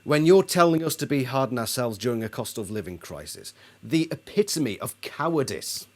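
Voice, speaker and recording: Speaking at an ordinary pace with a mid-range, lively voice, a male album reviewer tears into a band on video. He's indignant and sarcastic throughout, imitating people in exaggerated voices to mock them.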